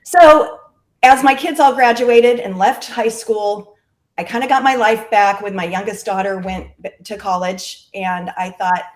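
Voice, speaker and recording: A woman's voice: mid-range voice, steady tone, measured pace. Chatty middle-aged woman in an echoey room. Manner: chatty and friendly, with frequent fillers. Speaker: guest, clothing direct-sales stylist. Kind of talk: casual interview conversation. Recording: roomy echo.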